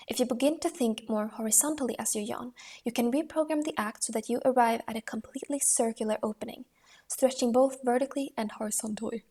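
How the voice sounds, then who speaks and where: A woman reading a voice-training book aloud in a calm, measured way, with the occasional restart. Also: fairly high pitch, breathy edge.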